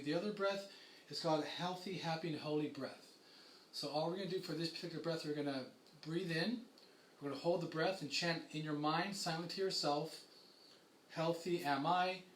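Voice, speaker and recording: A man's voice: fairly high pitch, a little hiss or hum. Man guiding a yoga class, echoey room. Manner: calm, slow guiding chant with many fillers. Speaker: yoga instructor. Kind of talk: guided breathing and kundalini yoga class. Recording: echoey room with faint ambience.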